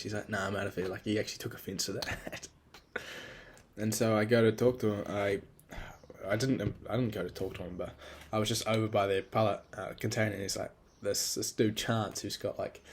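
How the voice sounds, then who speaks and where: Young guy, lowish voice, swearing loosely as he rambles alone on a podcast, hard on himself. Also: a little hiss or hum. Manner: rambling, profane, self-critical. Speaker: podcast host. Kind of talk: casual solo monologue.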